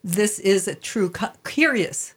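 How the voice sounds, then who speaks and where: A woman's voice: mid-range voice, animated, takes it slowly, breathy edge. A woman interviewing a guest, thoughtfully summing up what she heard. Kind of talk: reflective conversation.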